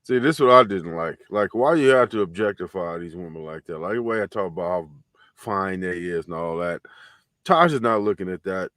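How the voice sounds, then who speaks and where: A man's voice: low voice, animated, a little fast, a bit bright, no echo, clean studio sound. A male show host giving casual reaction commentary, laid-back and easygoing, often repeating himself.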